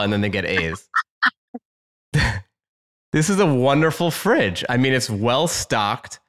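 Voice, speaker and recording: A man hosts a casual interview show in an upbeat voice of middle pitch. He jokes freely and laughs often as he talks. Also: animated, unhurried, pauses often, fairly bright tone. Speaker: podcast host.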